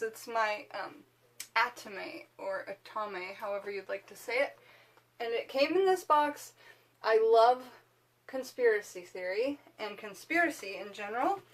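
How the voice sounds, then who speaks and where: A woman hosting a witchcraft video, chatting casually to camera in a rambling way with lots of fillers. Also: on the high side.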